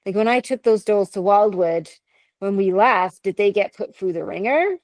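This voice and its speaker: A woman's voice: medium pitch, expressive, normal speed, darkish tone, no echo, low-quality recording. Chatty Canadian woman telling ghost stories. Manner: chatty, laughs often, reads stories aloud with asides. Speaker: podcast co-host. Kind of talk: casual chat, storytelling.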